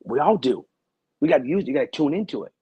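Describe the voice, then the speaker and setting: A man's voice: a little high, animated, fast talker, dark tone, lo-fi sound. A man who is a guest on a talk show, telling a personal story in a rambling, earnest way and repeating his phrases.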